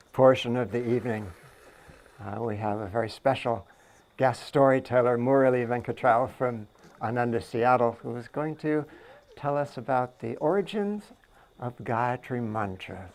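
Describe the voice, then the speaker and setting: A man hosts an evening gathering and introduces the next guest. His voice sits at an ordinary middle pitch, and he speaks in a measured, formal way. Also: darkish tone. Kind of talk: event introduction.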